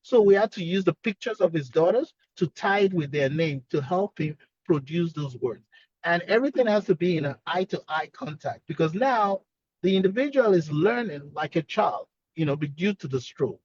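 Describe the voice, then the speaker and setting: A man's voice: fairly high pitch, lively intonation, moderate pace, a little mellow, slightly rough, dry recording, muffled recording. A man, a speech-language pathologist, explaining earnestly on a webinar and repeating his key points.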